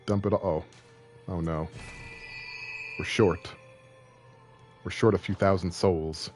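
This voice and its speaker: Low-voiced, joking young man streaming. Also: fairly even intonation, slow, a little mellow, soft background music. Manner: joking, rambling, self-deprecating. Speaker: game streamer. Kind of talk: casual live-stream commentary.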